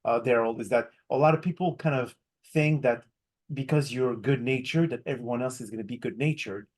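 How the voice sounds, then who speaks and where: A man's voice: medium pitch, fairly quick. Earnest male podcast host. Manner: earnest, explanatory, repeats words in lists. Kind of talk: casual interview.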